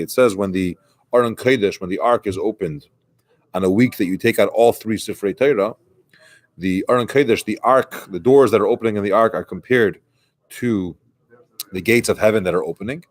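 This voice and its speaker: A man's voice: fairly low pitch, a little fast. A man who is a rabbi, giving a conversational sermon and retelling a story with quoted dialogue.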